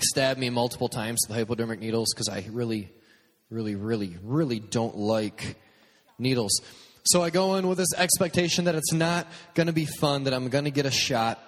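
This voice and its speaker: A man delivers a podcast sermon as a string of funny stories at his own expense, acting out every quote along the way. His voice sits in an ordinary middle range. It carries a long reverb, as if it were ringing through a large hall. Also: medium pitch. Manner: humorous, self-deprecating, acts out quotes. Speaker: youth speaker and podcast host. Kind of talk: storytelling sermon.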